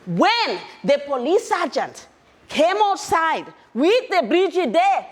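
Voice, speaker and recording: Woman doing an excitable young South African woman. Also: very high-pitched, takes it slowly, voice pushed up, heavily acted. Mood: excited storytelling. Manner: lively, excited storytelling. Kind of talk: theatre monologue.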